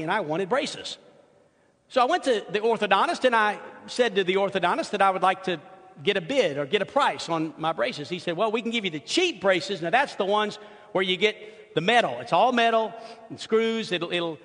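A male pastor telling stories in a sermon, swinging from soft asides to loud, excited outbursts. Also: sits high. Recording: long hall reverb.

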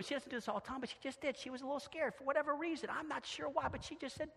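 A middle-aged man preaching a sermon as pastor in a church, moving from quiet, intimate asides to loud, shouted emphasis. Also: very high voice, very fast, creaky, hardly any pauses. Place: church sanctuary. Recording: long church reverb.

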